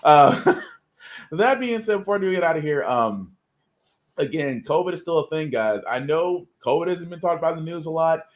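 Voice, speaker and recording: A man's voice: a little high, lively intonation, moderate pace. Guy hosting a live podcast, earnest and emphatic, keeps repeating his point. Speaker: podcast host. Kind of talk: casual live podcast commentary.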